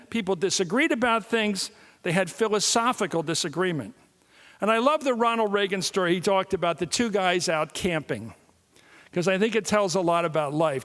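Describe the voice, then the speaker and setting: High-voiced man lecturing in a hall. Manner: animated storytelling with jokes. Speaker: guest speaker. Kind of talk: public lecture. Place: large hall. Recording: long reverb of a large hall.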